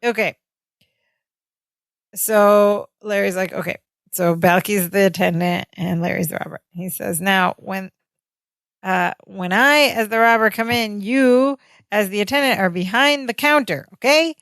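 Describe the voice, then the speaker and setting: A woman's voice: medium pitch, measured pace, a bit bright, no room sound, clean studio sound. A woman co-hosting a podcast in casual chat, retelling scenes and quoting the dialogue. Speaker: podcast co-host. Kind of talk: casual chat recapping a sitcom episode.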